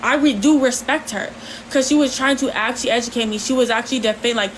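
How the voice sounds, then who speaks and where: A woman hosting a livestream, talking casually in a rambling, halting way with lots of fillers. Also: a little high, a little hiss or hum, poor audio. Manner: says she talks with her hands, animated. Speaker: livestream host.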